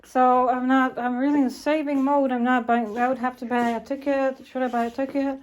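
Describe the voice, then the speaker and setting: Rambling, halting woman vlogger. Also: little pitch movement, poor audio. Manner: halting, many restarts and repeated phrases; acts out her own lines in a higher voice. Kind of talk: rambling casual monologue.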